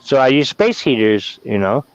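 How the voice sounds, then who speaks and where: A man's voice: medium pitch, big pitch swings, normal speed, no echo. A man from Wyoming, rambling and swearing as he vents emotionally in a casual chat. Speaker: guest caller venting. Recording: dull lo-fi sound.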